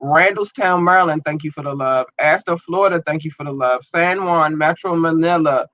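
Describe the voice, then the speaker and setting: A man runs his own podcast solo, rambling casually in slang full of ums while his eye is irritated and watering. His voice is fairly high and sharp, at a normal speed, with the highs cut off.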